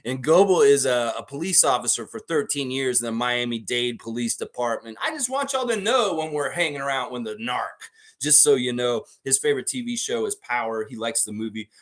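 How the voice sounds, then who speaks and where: Animated, profane male sports host. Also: brisk, hardly any pauses. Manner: animated, profane, mocks fans with whiny high baby voices. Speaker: podcast host. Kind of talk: live-stream sports chat.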